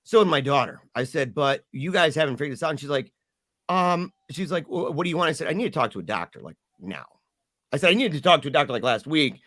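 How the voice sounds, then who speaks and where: Middle-aged man, guest storyteller, animated, does the voices, dry room. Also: fairly high pitch, fast, no echo. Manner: animated, acts out quoted voices. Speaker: podcast guest. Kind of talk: emotional storytelling.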